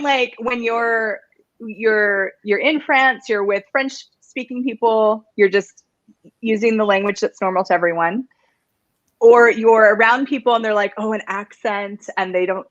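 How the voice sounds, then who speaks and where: A woman's voice: on the high side, measured pace, a bit bright, no echo, muffled recording. A woman hosting an interview show, bubbly and enthusiastic, chatting and laughing with her guest. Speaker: host. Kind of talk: casual interview chat.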